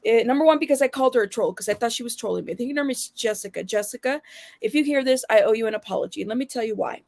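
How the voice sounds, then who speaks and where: A woman's voice: a little high, very fast, gravelly, darkish tone, no echo. Blunt, sassy woman host with a dry sound. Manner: blunt, sassy, addresses viewers directly. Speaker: channel host. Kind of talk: casual livestream commentary.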